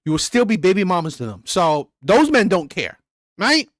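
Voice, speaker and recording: A man's voice: high-pitched, very animated, normal speed, no echo, clean studio sound. A man hosting a reaction channel, ranting bluntly and crudely about a played clip. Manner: blunt, crude, repetitive and heated.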